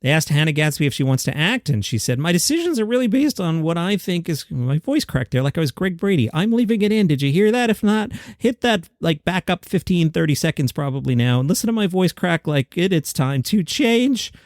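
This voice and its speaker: A man's voice: a little high, lively intonation, a little fast, hardly any pauses, dry recording, clean studio sound. A man hosting a solo comedy news podcast, reading items with wry, jokey asides. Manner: wry, jokey asides between read-out quotes. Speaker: podcast host.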